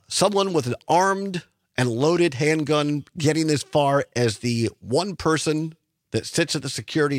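Man, radio host, mid-pitched voice, dry close studio mic, emphatic questions. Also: dry recording. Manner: reads news quotes, then voices opinions with emphatic questions. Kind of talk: talk radio hosting.

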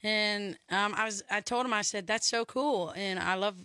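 A young woman with a Georgia Southern accent tells her stories in a lively, chatty way. Her voice is bright and clean, and it sounds dry and close to the mic. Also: mid-range voice, moderate pace, clear, resonant tone, no room sound. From Georgia, USA. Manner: chatty, laughs often, animated storytelling. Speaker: musician guest. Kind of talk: interview chat.

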